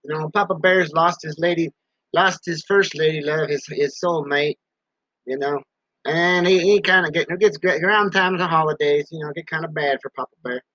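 Casual male host who rambles from his basement, high bright voice, dry muffled sound. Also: steady tone, normal speed, no room sound. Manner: talks about himself in third person, repeats words. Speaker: podcast host.

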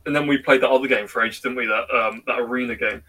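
A young man co-hosts a laid-back podcast, wandering through stories with plenty of ums. His voice is husky and mid-pitched, and it sounds slightly distant from the microphone. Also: fairly even intonation, fast talker, pushed and bright. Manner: rambling, hesitant with ums. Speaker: podcast co-host. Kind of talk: casual chat with friends.

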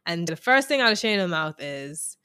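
A woman's voice: fairly low pitch, big pitch swings, normal speed, sharp tone, smooth. A woman co-hosting a podcast, recapping a reality show in casual chat, laughing often and swearing freely. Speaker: podcast co-host.

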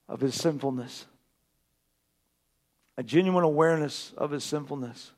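High-voiced preaching man, hushed to booming. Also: measured pace, pauses often. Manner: swings from hushed and intimate to loud and emphatic; repeats phrases for emphasis. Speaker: pastor. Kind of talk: sermon.

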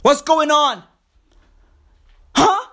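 A woman's voice: high voice, expressive, extremely slow. Woman, podcast host, profane comedic rant, exasperated, repeats herself, swooping intonation. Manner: exasperated, repeats phrases, bursts into shouts.

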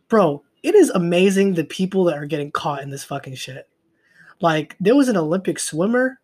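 A man's voice: high-pitched, big pitch swings, normal speed, a little mellow. Profane rambling young man podcaster. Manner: profane, rambling, trails off into mutters. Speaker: podcast host. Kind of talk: casual solo podcast rant.

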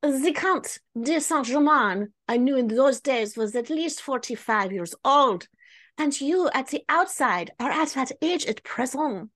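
Perplexed noblewoman, exclaiming high and loud, as a woman puts her on. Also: steady tone, unhurried, few pauses, natural voice. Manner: exclaiming, higher and louder.

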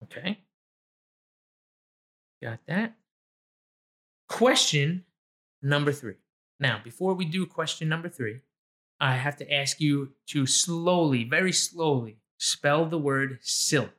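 Casting: man, light upper pitch, bright forceful tone, teasing quizmaster in relaxed chat. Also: slow, pauses often. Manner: playful, laughs often, teasing. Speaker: trivia quizmaster. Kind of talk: casual chat.

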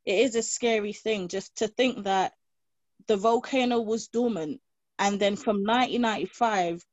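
A woman interviewer asks careful, drawn-out follow-up questions in a steady voice. The sound is dry and slightly muffled. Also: medium pitch, no echo.

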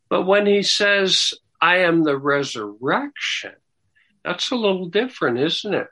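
A man teaching the Bible in a sermon style, slow and halting, with repeated words and apologetic asides, building to emphatic rising stresses. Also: high voice, big pitch swings, sharp tone, poor audio. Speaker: Bible teacher answering questions.

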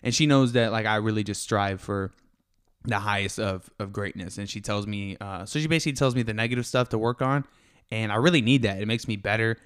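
A young man hosting his own podcast, talking fast and excitedly in a casual, animated way. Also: fairly low pitch, clean tone. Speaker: podcast host. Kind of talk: casual solo podcast talk.

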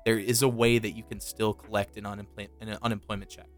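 A man's voice: on the low side, flat delivery, quick pace. A young man chats loosely on a podcast, swearing often as he spins his story. A faint bed of music plays beneath his voice. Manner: loose storytelling with frequent profanity. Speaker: podcast co-host. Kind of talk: casual chat.

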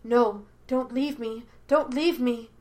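A woman's voice: on the high side, fairly even intonation, takes it slowly, a little mellow, voice pushed up. A woman voicing a possessive ghostly spirit that poses as a mother, murmuring tenderly and turning to cold rage. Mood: pleading.

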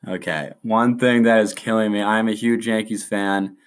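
A man's voice: lowish voice, steady tone, moderate pace. A young man hosting a casual solo podcast, rambling in hyped surfer slang. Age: young adult. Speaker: podcast host.

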